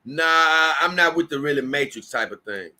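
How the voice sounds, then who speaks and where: A man's voice: medium pitch, expressive, brisk, bright, forceful tone. A tired man hosting a casual livestream, reading viewer comments aloud and rambling with many restarts. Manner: rambling, repeats himself and restarts often. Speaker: livestream host.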